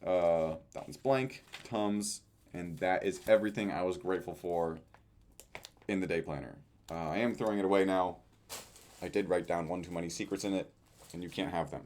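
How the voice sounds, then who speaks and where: A man's voice: low voice, normal speed, darkish tone, slight background noise. A young man casually reading out his own journal and planner entries, with offhand dry asides and frequent fillers. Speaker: vlogger.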